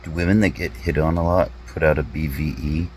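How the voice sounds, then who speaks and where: A man, a comedy vlogger, rambling through deadpan rhetorical questions with drawn-out pauses. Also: very deep voice, slight background noise, low-quality recording. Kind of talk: deadpan musing monologue.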